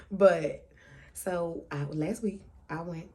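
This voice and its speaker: A woman in her twenties hosting her own casual solo talk show, loose, profane and animated, with frequent asides. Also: lowish voice, drawn-out words. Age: 20s.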